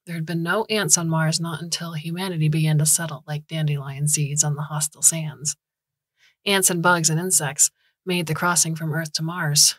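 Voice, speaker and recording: A woman narrating a science fiction short story in a calm, even storytelling manner. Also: low voice, normal speed, no echo. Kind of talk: scripted audiobook narration.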